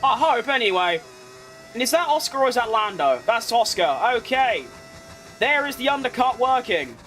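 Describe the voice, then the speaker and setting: A man talking through his racing game in a very high, bright voice. He chats along casually, then jumps into excited shouts whenever things get close, and swears freely. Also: normal speed, slight background noise. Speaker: gaming creator. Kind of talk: live gameplay commentary.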